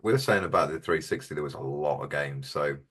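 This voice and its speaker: A man, co-hosting a gaming podcast in a dry, deadpan, casual way. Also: rumbling low, fast, breathy edge. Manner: dry, deadpan, mock-superior. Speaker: podcast co-host. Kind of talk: casual gaming chat with comic bits.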